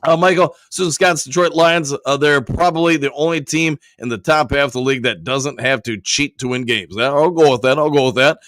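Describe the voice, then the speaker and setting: A man hosting a live sports talk stream. He is hoarse from a cold and reads viewer comments aloud, answering each one in a casual way. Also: a little high, a little fast, few pauses, fairly bright tone, a little hiss or hum. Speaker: sports show host reading chat.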